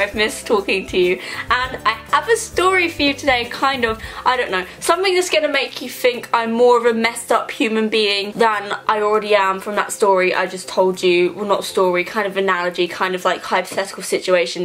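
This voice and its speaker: A woman's voice: medium pitch, a bit bright. Playful rambling young woman vlogger. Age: young adult. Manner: playful, rambling, self-mocking jokes. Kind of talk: casual comedic vlog monologue.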